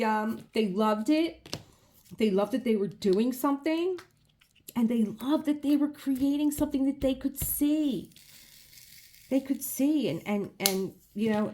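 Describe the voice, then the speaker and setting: A woman's voice: fairly high pitch, mellow. A middle-aged woman chatting casually and heartfelt while crafting, rambling with many restarts. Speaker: crafting vlogger.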